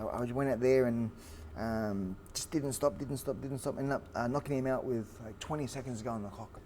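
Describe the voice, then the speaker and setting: An Australian man in his forties tells a long story as an interview guest, animated and full of fillers and restarts. His voice sits at an ordinary pitch for a man, with a faint hiss of background noise. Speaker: guest, fighter.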